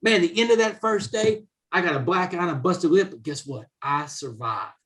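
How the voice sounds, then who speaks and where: Animated man, tells stories. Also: high-pitched, moderate pace. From Southeast Texas, USA. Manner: animated, drops "man" into nearly every sentence. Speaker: podcast guest, author and speaker. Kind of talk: casual storytelling.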